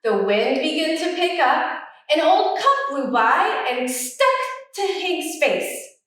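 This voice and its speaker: A woman librarian leading a children's story time, animated and coaxing, in a library. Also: high voice, slow. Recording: echoey room, mic far off.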